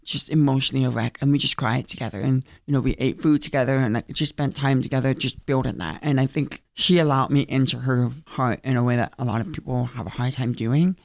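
A young man, a stage actor, chatting in an interview and telling animated stories full of fillers. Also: medium pitch, brisk, creaky, few pauses, no room sound, studio quality. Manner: animated storytelling with many fillers. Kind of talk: casual interview.

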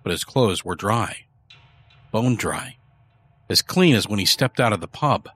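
A man giving a measured, dramatic scripted narration of a horror story. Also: fairly low pitch, lively intonation, fairly bright tone.

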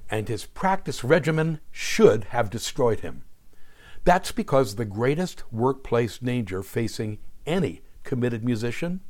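A man's voice: medium pitch, darkish tone. A man in his sixties from New Jersey, a show host delivering scripted narration with a wry, sardonic storytelling manner. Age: 60s. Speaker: podcast host.

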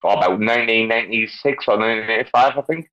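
Loud rambling guy, swears a ton, pitch bouncing around, muffled dull line. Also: fast. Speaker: guest speaker in a crypto audio space. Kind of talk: rowdy casual banter. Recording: muffled lo-fi online call audio.

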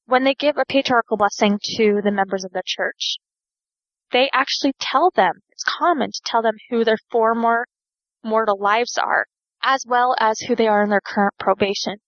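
A woman's voice: on the high side, normal speed, fairly bright tone, dry recording, muffled recording. A woman hosting a podcast, explaining at length in a chatty way with wry asides to listeners. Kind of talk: casual explanatory talk.

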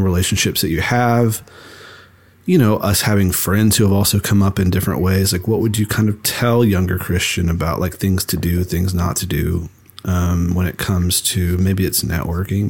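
A man co-hosting a podcast in relaxed chat, rambling with lots of fillers and restarts. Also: low-pitched, moderate pace, slightly rough. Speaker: podcast co-host. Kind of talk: casual chat.

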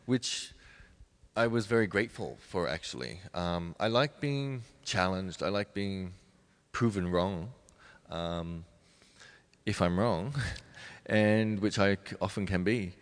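A man in his forties, a ballet dancer being interviewed, who talks thoughtfully with many pauses and restarts. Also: low-pitched, animated. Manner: thoughtful, halting, many restarts and soft laughs. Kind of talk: reflective interview conversation.

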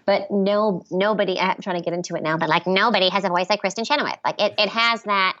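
A woman impressionist being interviewed over the phone, talking in animated, chatty bursts and correcting herself as she goes. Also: medium pitch, quick pace, lo-fi sound. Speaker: impressionist guest. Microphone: phone line.

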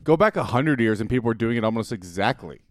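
A man's voice: mid-range voice, lively intonation, fast talker, no echo, clean studio sound. A man co-hosting a comedy podcast who throws in sarcastic wisecracks and skeptical questions. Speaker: podcast co-host. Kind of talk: casual comedic chat.

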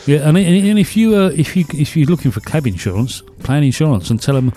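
Mellow-voiced man hosting a chat show. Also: fairly high pitch, fast, faint music behind. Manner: chatty, reads announcements aloud. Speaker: podcast host. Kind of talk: casual chat.

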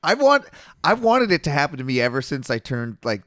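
A man's voice: a little high, big pitch swings, a little fast, fairly bright tone, dry recording, clean studio sound. A young man telling stories in casual chat, swearing freely, acting out quotes and laughing often.

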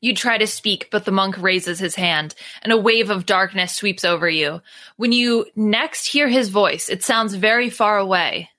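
A woman host reading an adventure gamebook aloud to her friends in steady narration. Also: medium pitch, a little slow, dry recording.

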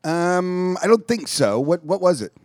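A man's voice: high voice, big pitch swings, measured pace, a little mellow, no room sound. Male radio co-host chiming in. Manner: supportive, chiming in with short reactions. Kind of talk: casual talk radio banter.

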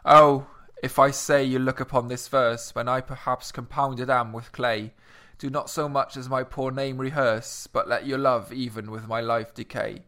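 A man reads a sonnet aloud in an even, middle-pitched voice, careful and steady. He sounds like a podcast co-host taking his turn as reader. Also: moderate pace, hardly any pauses. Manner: self-doubting, stumbles on words, then reads steadily. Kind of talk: casual chat and poetry reading.

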